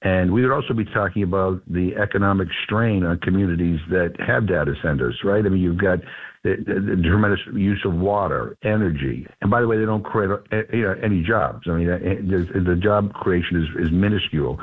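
A man with a deep, low voice speaks over a thin, tinny phone line. He talks earnestly and with emphasis, often restarting his sentences, like a lawmaker called in to a radio show. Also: fairly quick. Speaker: congressman guest.

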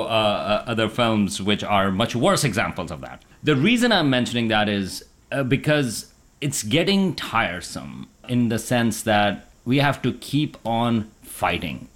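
A man's voice: on the low side, a bit bright. A man from Pakistan, an astronomer guest, talking casually in a radio interview with many fillers and restarts. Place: home kitchen table.

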